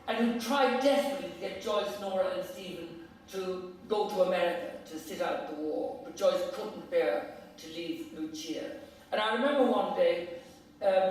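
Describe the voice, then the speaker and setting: A man's voice: high voice, a little hiss or hum. An older man giving a theatrical, anecdote-filled speech in a council chamber. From Ireland. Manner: theatrical, animated storytelling. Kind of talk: public address with anecdotes. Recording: echoey chamber, mic far off.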